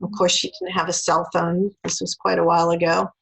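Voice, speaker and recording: A woman's voice: lowish voice, fairly quick, vocal fry, slightly rough, low-quality recording. A woman, an interview guest, telling a personal story in a casual way and acting out the lines of the people in it. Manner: animated, acts out quoted dialogue.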